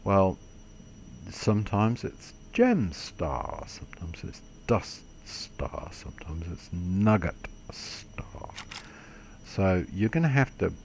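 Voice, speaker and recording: A very deep, gravelly male voice that talks slowly and loosely through a game tutorial. He rambles, pokes fun at his own mistakes and drops the odd mild swear word. A faint hiss sits behind him. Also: huge pitch swings, a little mellow. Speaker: gaming video creator. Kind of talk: casual game tutorial commentary.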